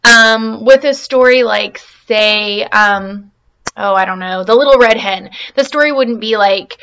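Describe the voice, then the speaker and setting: Bright-voiced teacher chatting through a lesson. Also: female voice, mid-range voice, unhurried, clear, resonant tone. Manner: chatty and encouraging, full of fillers and questions. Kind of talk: online reading lesson. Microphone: laptop.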